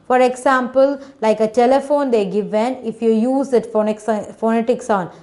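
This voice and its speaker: A woman's voice: fairly high pitch, steady tone, moderate pace, warm tone. A woman teacher, patiently sounding out words and syllables for children in an online phonics class. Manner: patient, repetitive teacher talk, sounding out letters, frequent "okay".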